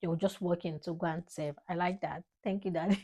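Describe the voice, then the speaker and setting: A woman's voice: lowish voice, fairly even intonation, fairly quick, warm tone. A young woman in her twenties with a Nigerian accent, talking to camera in a heartfelt, dramatic tribute to her father, laughing between lines. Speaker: vlogger.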